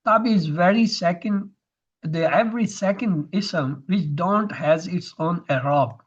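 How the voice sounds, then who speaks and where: A man's voice: sits high, unhurried, muffled recording. A man teaching Arabic grammar in an online lesson, explaining terms step by step over a video call.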